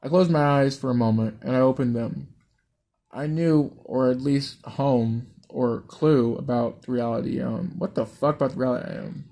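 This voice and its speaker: Man, gravelly voice, casual storytelling reader who swears and digresses. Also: medium pitch, moderate pace, mellow. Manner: rambling, swears, stops for asides. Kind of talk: casual reading of a dream story.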